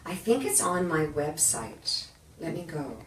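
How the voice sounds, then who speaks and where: A woman hosting a live cooking demonstration in her home kitchen, chatty and animated, full of self-deprecating asides. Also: low-pitched, a little slow, a little hiss or hum. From Canada. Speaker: cooking show host. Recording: echoey kitchen, mic at a distance.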